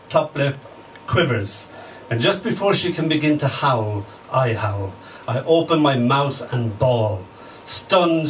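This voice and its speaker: A man giving a live poetry reading in a small cafe, measured and unhurried, with brief fillers between poems, recorded from a distance with faint room noise. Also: medium pitch. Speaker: poet.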